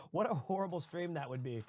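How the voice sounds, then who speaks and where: A young man hosts a live stream in casual, swearing banter. His voice sits high for a man. The sound is dry and close, with no room around it. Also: a little mellow, no room sound. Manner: profane, joking banter with laughs. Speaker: streamer host.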